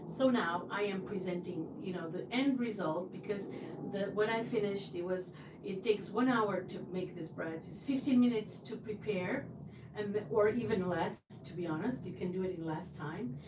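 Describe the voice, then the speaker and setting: A woman's voice: medium pitch, normal speed, background noise. A woman hosting a casual livestream from her home kitchen, chatty and effusive, often restarting her sentences. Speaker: livestream host. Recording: roomy sound from a distance.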